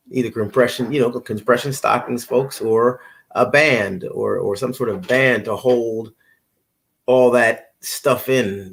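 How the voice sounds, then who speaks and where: A man's voice: mid-range voice, creaky, slightly rough. A middle-aged man hosting a live stream, chatting casually in a rambling way, repeating himself and greeting viewers by name. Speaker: livestream host.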